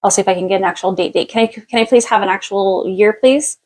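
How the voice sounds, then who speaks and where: A woman working as a psychic medium on a live stream, giving a past-life reading. She talks in a relaxed, chatty way, thinks aloud, and often stops to restart a thought or reach for the next word. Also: mid-range voice, low-quality recording. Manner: thinks aloud in a halting way, with many fillers and restarts; relaxed and chatty, laughs easily.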